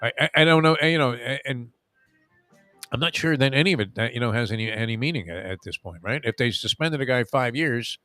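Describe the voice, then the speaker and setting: Sports radio host, man, lower voice, rambling halting delivery, bright dry sound. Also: animated, no room sound, soft background music. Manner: rambling, halting with many uhs. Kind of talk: casual sports talk.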